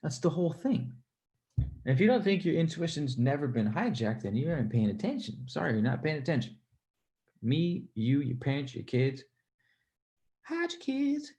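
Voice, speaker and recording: A man hosting a casual livestream, reading viewer comments aloud, animated and swearing freely as he talks. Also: mid-range voice, vocal fry. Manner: animated, swears freely, laughs between points.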